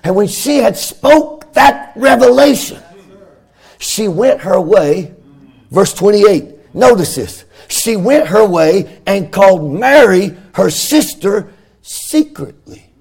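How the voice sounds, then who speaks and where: A middle-aged pastor, preaching a fervent sermon in a sing-song cadence that swells into shouts. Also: male voice, high voice, animated, slow pace, vocal fry, slightly rough.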